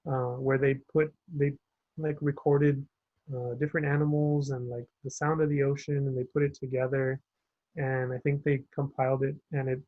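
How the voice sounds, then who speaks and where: A man leading a small faith group speaks in a relaxed, reflective way, circling back and restarting as he searches for words. The sound is dull and dry, like a lo-fi video call mic with no room around it. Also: mid-range voice, dry recording. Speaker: campus ministry group leader. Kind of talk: casual reflective talk.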